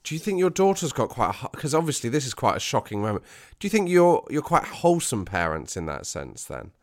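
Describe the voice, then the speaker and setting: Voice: medium pitch, big pitch swings, brisk. A podcast co-host asking probing, playful questions in casual chat.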